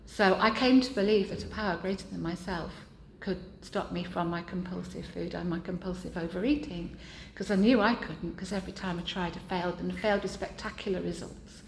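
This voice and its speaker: A woman's voice: on the low side, steady tone, a little fast, vocal fry, few pauses, roomy sound, slight background noise. A woman giving a candid, self-deprecating personal share at a support group meeting, speaking earnestly to the room. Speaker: meeting member sharing.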